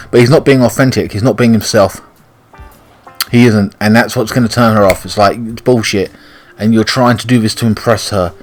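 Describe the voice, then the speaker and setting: A man's voice: on the low side, fairly even intonation, moderate pace, faint music behind. A British man casually commenting on a game playthrough, blunt and chatty, swearing freely. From Britain. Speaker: gaming channel host.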